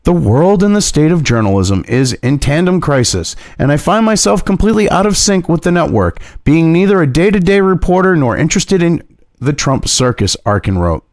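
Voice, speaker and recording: A man's voice: a little high, very animated, normal speed, no room sound, studio quality. A man ranting as an online commentator, heated and mocking, swearing constantly. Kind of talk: profane opinion rant.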